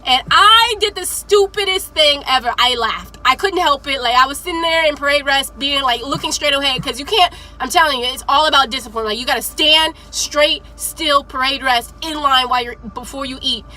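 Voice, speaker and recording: A young woman in her twenties telling a story to camera in an animated, profane, laughing way. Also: sits high, moderate pace, few pauses, poor audio. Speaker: vlogger.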